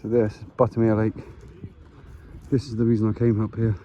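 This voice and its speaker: A man's voice: on the low side, completely flat delivery, a little fast, muffled recording. Chatty man on a windy hill. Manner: chatty, matey, talks to camera while walking. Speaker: travel vlogger. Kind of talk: casual hiking vlog. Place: windy hillside outdoors. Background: wind and outdoor ambience.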